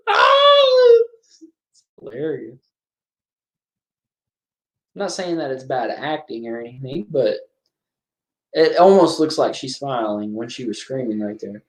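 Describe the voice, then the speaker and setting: A man's voice: medium pitch, lively intonation, normal speed, pauses often. A man giving casual watch-along commentary on a horror film, chatting and reacting aloud to the scenes.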